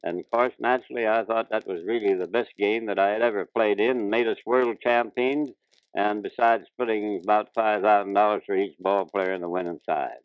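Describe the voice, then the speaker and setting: Older man, plainspoken folksy storyteller, rough old grammar, muffled dry vintage radio sound. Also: on the low side, steady tone, fairly quick, dry recording. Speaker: interviewee, retired ballplayer. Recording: dull dry 1940s radio transcription.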